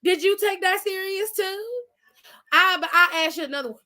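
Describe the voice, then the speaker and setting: Woman, high voice, sassy, profane, teasing, casual wrestling chat. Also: normal speed, pushed and bright. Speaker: co-host.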